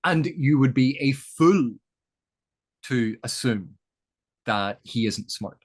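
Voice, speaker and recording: A male interview guest speaks slowly and animatedly in a medium-pitched voice. He explains things in a thoughtful, lecturing style, building each point with examples.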